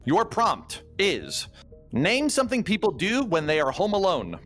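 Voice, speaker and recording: A woman's voice: lowish voice, huge pitch swings, measured pace, faint music behind. A woman hosting a streamed game show, playful and teasing, with sarcastic asides to the contestants.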